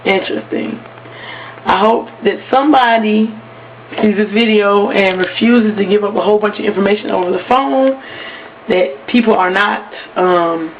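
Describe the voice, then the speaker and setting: Woman vlogger telling a story, lo-fi. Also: mid-range voice. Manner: animated, acts out quoted voices. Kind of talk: casual storytelling to camera. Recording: dull lo-fi webcam audio with faint hiss.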